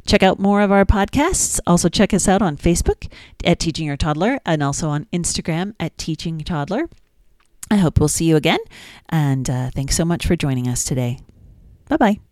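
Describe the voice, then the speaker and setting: A woman's voice: low-pitched, animated, fairly quick, a little mellow, no echo. A woman hosting a children's podcast, reading nursery rhymes in a sing-song, playful way with little asides.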